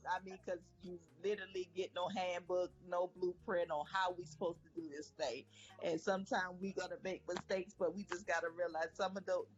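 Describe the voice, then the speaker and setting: A man's voice: sits high, lo-fi sound. A man speaking earnestly and plainly in a casual talk.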